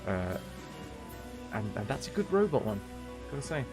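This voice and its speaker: A man's voice: medium pitch, very animated, normal speed, over music. A man streaming a game, chatting casually and rambling with jokes as he plays. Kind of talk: casual gameplay commentary.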